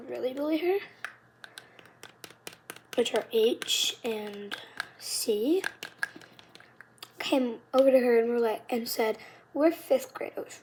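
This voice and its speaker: Chatty high-voiced girl telling drama. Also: a little mellow, slight background noise. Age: child, fifth grader. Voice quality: high, youthful, shifts into whispered asides. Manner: chatty, dramatic retelling with many "like"s. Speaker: vlogger. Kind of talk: casual storytelling vlog.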